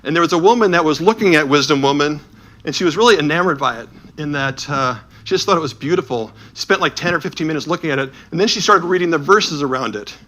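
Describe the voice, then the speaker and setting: A man speaks to an audience, and his voice sits a little high with a bright, forward tone. He tells anecdotes in an animated way, slipping into the voices of the people he met. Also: fast talker. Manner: animated anecdotal storytelling with asides. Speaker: speaker touring with a Bible edition. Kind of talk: storytelling talk.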